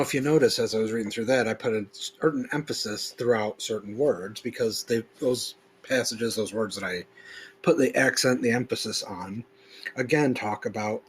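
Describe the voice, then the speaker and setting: A male podcast host with a mid-pitched voice and faint hiss under his recording. He reads lines with slow, weighty emphasis, then talks them over in loose, everyday language. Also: poor audio. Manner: slow, emphatic recitation when reading; loose, conversational, with fillers when explaining. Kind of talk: reading a text aloud, then casual commentary.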